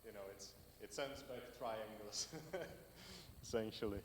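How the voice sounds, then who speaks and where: A man's voice: on the low side, steady tone, normal speed. Man giving a casual tech talk. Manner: loose and conversational, many fillers, builds lists. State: losing his voice. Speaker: conference speaker. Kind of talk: tech meetup talk with audience Q&A. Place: meetup hall. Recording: hall reverb with faint noise.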